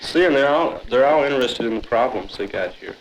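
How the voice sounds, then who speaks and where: A man's voice: mid-range voice, lively intonation, fairly quick, a little hiss or hum, rough recording. A man from a street organization explaining its members and aims earnestly. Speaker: member of the Young Patriots. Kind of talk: group discussion.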